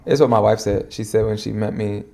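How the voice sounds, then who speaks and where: Fast-talking low, gravelly man. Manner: fast-talking, slangy, animated. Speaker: podcast guest and minister. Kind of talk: casual conversation.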